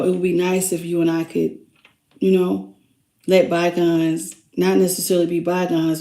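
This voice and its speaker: A woman speaking as a remorseful person in a tarot reading, talking softly and apologetically as she asks for peace. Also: lowish voice, echoey room, pitched below the performer's own voice, lightly acted. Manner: soft, quiet, apologetic.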